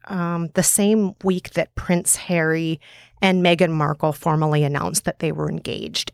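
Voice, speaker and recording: A woman's voice: fairly low pitch, vocal fry, smooth, no echo, studio quality. A woman from the upper Midwest of the United States with an Upper Midwest accent, speaking candidly and emphatically as a podcast guest and author in an interview. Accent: Upper Midwest American. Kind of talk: interview conversation.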